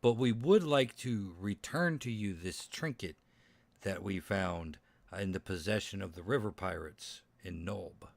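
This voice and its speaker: A man's voice: low voice, a little slow, creaky, no room sound. A man playing a tabletop game, speaking in character in a hesitant, diplomatic way. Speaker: player.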